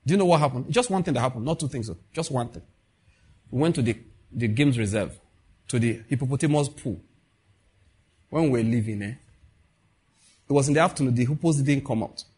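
A man's voice: mid-range voice, fairly quick, long pauses, husky. A middle-aged man with a Nigerian accent preaching in a conversational way, acting out quoted dialogue and asking his listeners questions. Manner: animated, acts out quoted dialogue, asks the audience questions. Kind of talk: conversational sermon.

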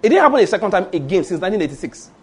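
A middle-aged pastor with a Nigerian Yoruba accent preaches in a high, rapid-fire voice that swings widely in pitch and sounds a little mellow, slightly rough. He tells stories emphatically and keeps repeating his points.

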